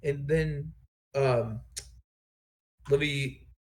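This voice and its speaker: A man's voice: a little high, drawn-out words. A man narrating as game master in a casual, rambling way with many fillers.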